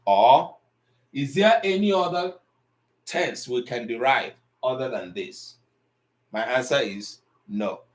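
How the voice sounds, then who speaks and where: A man teaching an online language class, pausing often with ums as he explains tone. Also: medium pitch, animated. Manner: slow, deliberate, with frequent ums and pauses.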